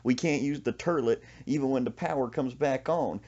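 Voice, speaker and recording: A man's voice: mid-range voice, a little fast, a little mellow, highs cut off, pitched above the performer's own voice, natural voice. A man doing a complaining country girl. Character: rural young woman with hick manners.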